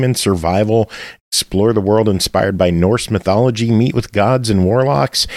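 Male podcast host, low voice, dry close mic; brisk announcer of game details. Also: a little mellow, dry recording. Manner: brisk, reads store blurbs, thanks stream chat. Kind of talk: reading game listings and hosting chat.

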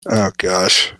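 A man co-hosting a casual gaming podcast, chatting in an excitable way with plenty of fillers. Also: no room sound. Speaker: podcast co-host. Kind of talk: casual chat.

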